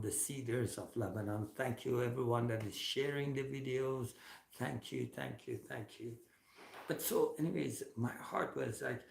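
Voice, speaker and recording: A man minister telling a testimony in slow, earnest storytelling to an online audience. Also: mid-range voice, vocal fry, darkish tone, echoey room.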